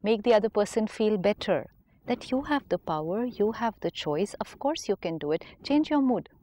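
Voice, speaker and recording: Woman spiritual teacher, warm mellow tone, patient and persuasive. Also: medium pitch, expressive, normal speed, a little hiss or hum. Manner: patient, gently persuasive, acts out inner thoughts. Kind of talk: calm explanatory dialogue.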